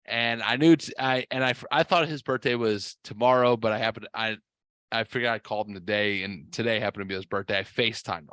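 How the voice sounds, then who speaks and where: A man hosting a podcast who tells stories in a rambling, foul-mouthed way, a bit tipsy from drinking, his voice jumping high when he gets excited. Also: fairly quick, clear, resonant tone, no room sound. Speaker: podcast host. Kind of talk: casual storytelling.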